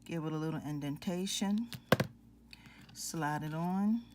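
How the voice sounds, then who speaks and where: Low, unhurried woman teaching jewelry craft. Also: background noise. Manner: calm, instructive, addresses viewers as ladies and gentlemen. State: out of breath. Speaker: jewelry-making tutorial host. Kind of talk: step-by-step craft tutorial.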